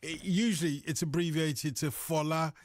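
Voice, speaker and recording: A man's voice: on the high side, fairly even intonation, moderate pace, a little hiss or hum. A man hosting a live football show, chatty and playful, teasing his guest with questions. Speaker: host.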